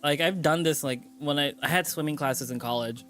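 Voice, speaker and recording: A man chatting excitedly while playing through a visual novel, exclaiming often. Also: fairly high pitch, brisk, faint music behind. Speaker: co-player. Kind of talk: casual let's-play banter.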